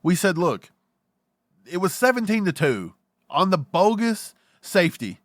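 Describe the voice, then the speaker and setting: A man with a notably high voice runs through a heated, joking rant on a casual sports talk show. The recording is dry and close, with no room sound at all. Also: unhurried, no echo. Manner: animated, joking rants. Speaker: podcast co-host.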